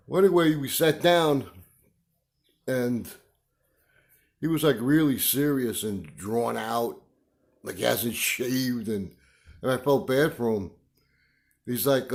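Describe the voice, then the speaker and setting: An older man vlogging, telling a story in a rambling, halting way full of fillers. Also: medium pitch, a little mellow. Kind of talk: casual storytelling monologue.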